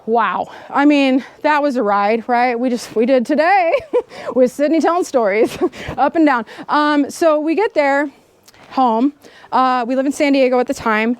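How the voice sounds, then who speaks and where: A woman in her thirties giving a storytelling keynote speech, animated, laughing often and acting out the people in her story. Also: high-pitched, measured pace, clean tone, no room sound. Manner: animated, laughing, acts out dialogue. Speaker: keynote speaker. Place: outdoor camp gathering.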